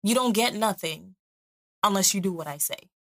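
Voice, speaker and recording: A woman's voice: medium pitch, animated, normal speed, background noise. A woman in her thirties co-hosting a podcast, chatting casually and telling blunt, profane stories. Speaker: podcast co-host. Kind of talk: casual chat.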